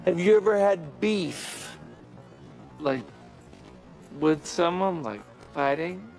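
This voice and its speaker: A man's voice: high-pitched, expressive, takes it slowly, creaky, darkish tone, soft background music, full character voice. An actor playing an agitated man who swears and bluntly asks about fights.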